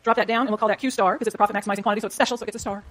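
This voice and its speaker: A woman's voice: mid-range voice, steady tone, rapid-fire. A woman teaching an economics class, explaining step by step while she draws graphs and talks to her students. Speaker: economics lecturer. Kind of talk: classroom lecture.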